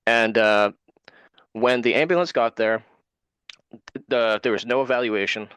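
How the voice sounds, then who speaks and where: A man's voice: mid-range voice, measured pace, fairly bright tone, clear, resonant tone, no room sound. New man telling a story. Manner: retells events with quoted dialogue. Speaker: interview guest. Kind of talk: casual storytelling in an interview.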